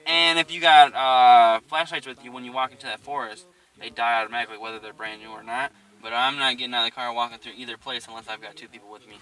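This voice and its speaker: A young man casually telling a spooky story, animated and profane, laughing often. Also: medium pitch, fast, clear, resonant tone. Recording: distant mic.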